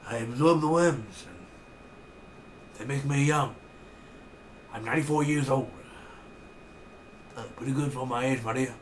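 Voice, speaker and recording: A man voicing a boastful 94-year-old man who has been made young again, with a drawn-out, grandfatherly delivery. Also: mid-range voice, slight background noise, close to an everyday voice.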